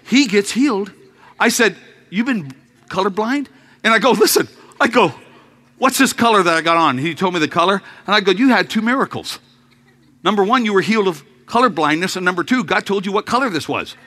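Animated, high-voiced preacher man. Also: brisk. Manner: animated, acts out voices, laughs, sudden shouts. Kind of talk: sermon storytelling.

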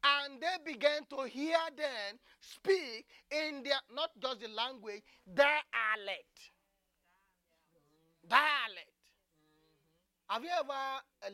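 Bright-voiced fervent preacher praying in tongues. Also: medium pitch, slow pace, dry recording. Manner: fervent, repetitive, bursts of loud tongues.

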